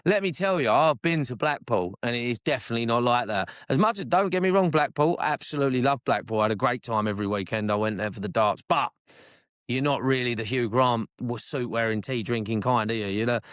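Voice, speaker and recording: A man with a Cockney accent co-hosting a wrestling podcast, chatting casually in long, excitable, rambling stretches and swearing freely. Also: mid-range voice, a little fast, clear, resonant tone, no room sound, studio quality. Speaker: podcast co-host. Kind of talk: casual chat.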